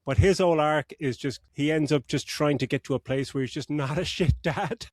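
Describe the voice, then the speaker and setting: Middle-aged male podcast co-host, higher-pitched, profane, laughing through his rants; dry, close recording. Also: moderate pace, dry recording. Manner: sweary, ranting, laughs mid-sentence. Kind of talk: casual movie review chat.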